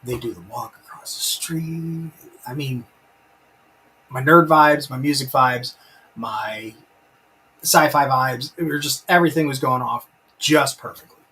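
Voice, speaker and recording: A man's voice: medium pitch, measured pace, long pauses, sharp tone, slightly rough, poor audio. Enthusiastic rambling male stream host. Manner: enthusiastic, rambling, reads out chat comments. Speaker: live-stream host reviewing a TV episode. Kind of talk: casual live-stream chat.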